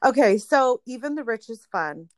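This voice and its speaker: A woman's voice: on the high side, expressive, moderate pace, darkish tone, no echo. A middle-aged woman chatting casually as a podcast co-host, often trailing off and restarting. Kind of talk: casual chat recommending podcasts.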